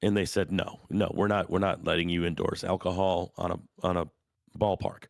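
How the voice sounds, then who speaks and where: A man co-hosting a podcast, telling a relaxed anecdote in casual chat. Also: deep voice, normal speed, gravelly, no room sound, clean studio sound.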